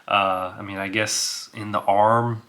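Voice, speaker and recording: Unhurried, bright-voiced man narrating a solo game. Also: fairly low pitch, little pitch movement. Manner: thinks aloud with filler words and chuckles. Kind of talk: casual solo tabletop narration.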